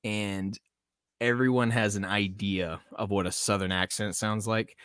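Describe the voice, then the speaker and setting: A man's voice: on the low side, fairly even intonation, a little slow, a bit bright, clear, resonant tone, no echo, clean studio sound. A man from the American South hosting a casual live podcast stream, rambling, laughing often and reading chat comments aloud. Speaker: podcast host.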